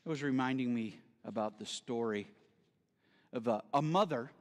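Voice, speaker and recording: A man's voice: medium pitch, normal speed, big-room sound. A middle-aged man giving a storytelling sermon as a guest speaker, acting out the voices in his stories.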